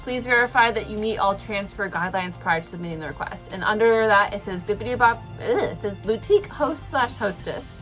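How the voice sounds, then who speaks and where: A woman's voice: mid-range voice, fairly quick, few pauses, fairly bright tone, soft background music. A young woman telling an emotional personal story to camera, rambling with lots of fillers. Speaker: vlogger.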